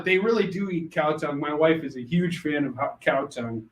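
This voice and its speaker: A man's voice: fairly high pitch, lively intonation. Joking man selling comics live. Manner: joking, rambling, quick asides. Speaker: host of a live comic sales show. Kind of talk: live sales pitch. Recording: echoey room.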